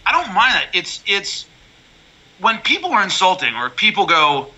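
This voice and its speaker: Man, high bright voice, rapid, blunt storyteller, casual interview guest. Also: rough recording. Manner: blunt, animated storytelling with frequent restarts. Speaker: MMA color commentator, guest.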